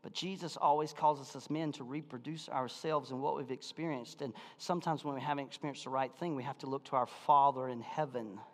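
A man preaching a sermon as pastor, telling a personal story, moving between hushed reflection and loud excitement. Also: medium pitch, a little fast, hardly any pauses, big-room sound.

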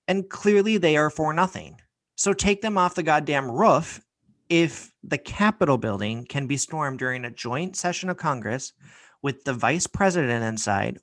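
A man's voice: mid-range voice, fairly bright tone, no room sound. A man hosting a podcast, giving a heated, sarcastic opinion rant full of profanity. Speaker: podcast host.

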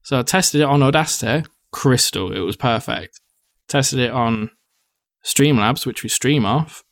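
Young bloke rambling on a podcast, swears a lot, dead dry mic. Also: male voice, medium pitch, unhurried, fairly bright tone, no echo. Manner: chatty, swears casually, acts out quotes. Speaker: podcast co-host. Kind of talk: casual chat.

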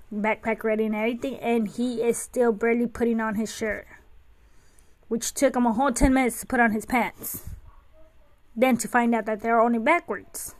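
A woman hosting a podcast, chatting casually and telling stories about raising her kids. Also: on the high side. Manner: chatty, anecdotal storytelling. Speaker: podcast host and mother. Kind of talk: casual chat.

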